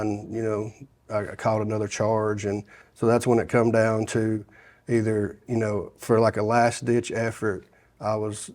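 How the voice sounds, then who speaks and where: A man recounts his past in a relaxed interview, speaking in a slightly low voice. He circles back and restarts his sentences often, filling the gaps with "you know" and acting out what others told him. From Sevier County, Tennessee. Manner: rambling with many restarts and fillers, quoting others. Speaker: guest sharing his testimony. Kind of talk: casual storytelling interview.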